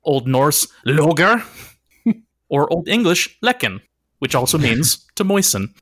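A man's voice: fairly high pitch, big pitch swings, slow, fairly bright tone, no room sound, clean studio sound. A man hosting a comedy podcast, reading out facts playfully and laughing often. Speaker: podcast host. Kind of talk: casual comedic chat, presenting facts.

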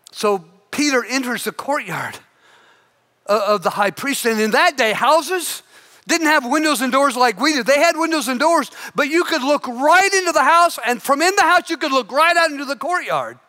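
A man preaching a sermon, telling a story dramatically and dropping to a hushed intensity at its peaks. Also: extremely high pitch. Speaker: pastor.

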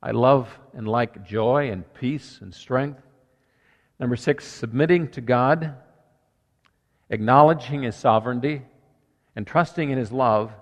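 A man's voice: mid-range voice, big-room sound. A man preaching a sermon as pastor, earnest and conversational, working through numbered points.

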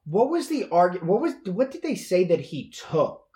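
A man hosting a casual podcast, telling his stories in a loose, animated way. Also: high-pitched, moderate pace. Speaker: podcast host. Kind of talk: casual banter. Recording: echoey room.

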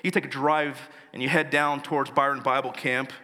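A man preaching a sermon as pastor, telling a story earnestly and reading scripture slowly with emphasis. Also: mid-range voice, flat delivery, sharp tone, big-room sound.

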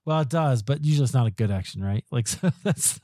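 A man hosting a podcast interview, talking in a thoughtful, halting way with many restarts. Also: medium pitch, expressive, mellow, dry recording, clean studio sound. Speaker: podcast host. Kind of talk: conversational interview.

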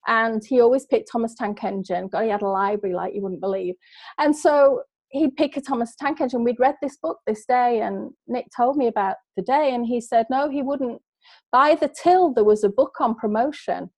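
A woman's voice: fairly high pitch, normal speed, darkish tone, no room sound. A middle-aged woman, a guest who tells a personal story in an earnest, heartfelt way. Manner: earnest, heartfelt, emotional retelling. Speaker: guest, business coach.

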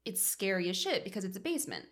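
Relaxed, swearing woman podcaster. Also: mid-range voice, fast talker. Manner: relaxed, swears casually, lots of "like". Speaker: podcast co-host. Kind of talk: casual film discussion.

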